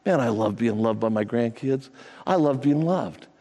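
An older man preaching a sermon, telling folksy stories with repeated phrases and sudden rises in pitch. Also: expressive, normal speed, dark tone. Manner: folksy storytelling with repetitions and pitch jumps. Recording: long reverb of a large hall.

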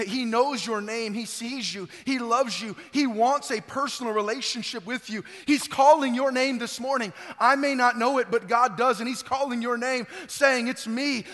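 Man, pastor preaching, high bright voice, swings between loud and quiet, church hall reverb. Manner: preaching with swells of loud emphasis and quiet drops. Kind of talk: sermon. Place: church sanctuary.

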